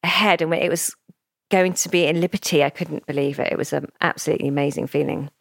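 A woman, a founder telling her story in a casual interview, animated and emotional, acting out what others said. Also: low-pitched, fast talker, vocal fry, no echo, studio quality. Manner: animated, emotional storyteller who acts out quoted speech. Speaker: founder of a children's brand, podcast guest.

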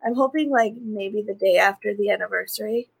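A young pregnant woman co-hosting a casual podcast chat, blunt and expressive, swearing freely. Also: mid-range voice, brisk, gravelly, breathy edge. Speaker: podcast co-host.

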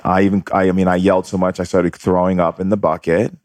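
A man's voice: low voice, level tone, fast, a little mellow, dry recording. A man telling a personal story in conversation, earnest and re-enacting what was said. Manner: earnest, re-enacts voices in quotes. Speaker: guest.

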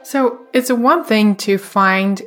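Woman, podcast host, measured, reflective, asks questions. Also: medium pitch, music in the background. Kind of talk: casual podcast conversation.

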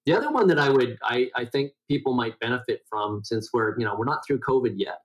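A man's voice: animated, a little fast, low-quality recording. A middle-aged man with a nasal voice, a guest explaining diet in a conversational interview, rambling with many restarts and fillers. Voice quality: self-described high nasal voice. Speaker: guest health educator.

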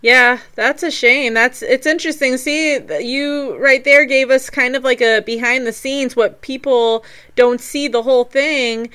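A woman's voice: sits high, fairly even intonation, a little slow, few pauses, bright, forceful tone, clear, resonant tone. A woman hosting a casual chat, talking in a conversational, reflective way.

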